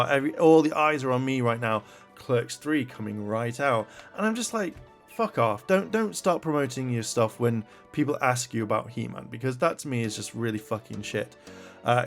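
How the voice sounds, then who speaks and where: A man in the middle of a vlog rant, his voice pitched in an ordinary mid range. He sounds irritated and swears freely, stumbling through fillers as he reads articles out loud and picks them apart. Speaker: commentary vlogger. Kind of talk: ranting commentary.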